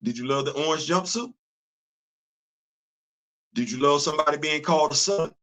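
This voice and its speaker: A man hosting a casual live-stream commentary, animated and rhetorical, laughing often as he talks. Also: a little high, moderate pace. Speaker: host.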